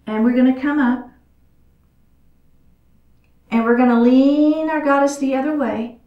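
Leading chair yoga, this woman keeps up friendly, encouraging chatter while she moves, a bit breathless from the poses. She speaks fairly evenly and a little slowly, her voice sitting high. The recording sounds muffled, with an echoey room and the mic at a distance.

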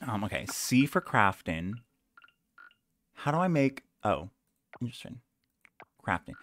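A man's voice: medium pitch, very animated, unhurried, a bit bright. A young man live-streaming a game, chatting playfully and joking about himself. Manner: playful, self-mocking, chatty.

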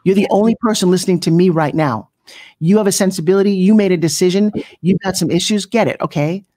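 A middle-aged woman coaching people on pitching in an interview, brash and punchy, often slipping into mocking voices. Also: fast talker, mellow. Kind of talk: energetic motivational coaching talk.

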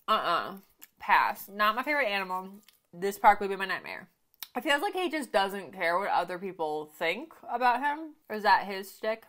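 A woman giving casual, chatty commentary while watching a film, thinking out loud and often dropping to quiet murmurs. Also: medium pitch. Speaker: reaction video host. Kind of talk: casual movie reaction commentary.

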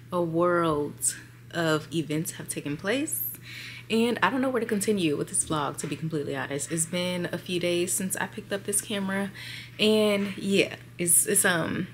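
Young woman, lowish voice, rambling vlog chat, talks to camera at home, faint background noise. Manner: chatty, rambling, addresses viewers as y'all. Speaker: vlogger.

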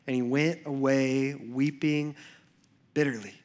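A man preaching a sermon in church, conversational, moving between animated asides and hushed, earnest passages. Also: medium pitch, slow pace. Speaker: pastor.

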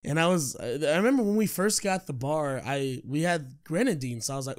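A young man co-hosting a laid-back podcast, his voice sitting a little higher than most. He giggles often and acts out quotes from people in his stories. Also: animated, brisk. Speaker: podcast co-host. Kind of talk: casual chat.

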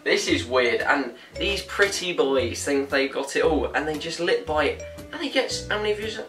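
Brief: young British woman, comic rant, bright tone, recorded from a distance with faint music behind. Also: deep voice, expressive, normal speed. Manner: exasperated, laughs often. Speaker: vlogger. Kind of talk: comic ranting monologue. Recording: roomy echo, distant mic, faint music.

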